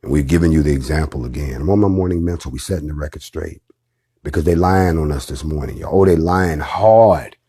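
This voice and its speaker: Rumbling low, a little fast, dark and slightly rough, this middle-aged man's voice carries his casual livestream to followers. As leader of an organization, he speaks emphatically with blunt slang and profanity.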